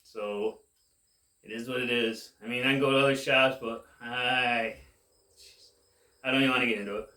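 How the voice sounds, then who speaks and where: A man's voice: medium pitch, steady tone, bright, forceful tone, distant mic. Laid-back stoned man, echoey room. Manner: laid-back, drawn-out, says "man" a lot. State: high, getting more stoned. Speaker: cannabis vlogger. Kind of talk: casual rambling chat to camera.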